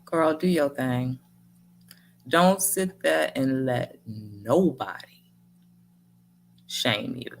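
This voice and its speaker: A woman's voice: extremely low pitch, drawn-out words, gravelly, pauses often, a little hiss or hum. A woman hosting a casual livestream, chatting with viewers and answering their comments in a folksy, encouraging way with frequent laughter. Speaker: livestream host.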